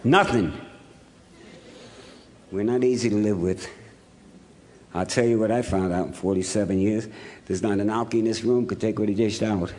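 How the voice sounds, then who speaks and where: A man's voice: lowish voice, fairly even intonation, moderate pace, long pauses, a little mellow. A man in his seventies from Ohio, giving a humorous, blunt, earthy recovery talk as a speaker at a meeting in a hotel ballroom. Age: 70s.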